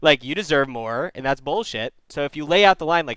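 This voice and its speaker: Blunt, smooth-voiced male advice host. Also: a little high, expressive, a bit bright, no echo. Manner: blunt, profane, fast-talking advice. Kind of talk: call-in advice show banter.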